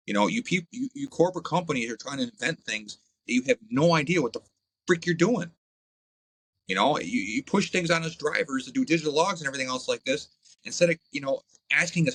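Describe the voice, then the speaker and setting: A man, a podcast guest, telling crude, blunt stories in a casual, animated way. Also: medium pitch, a little fast, dry recording, poor audio. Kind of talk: profane casual storytelling.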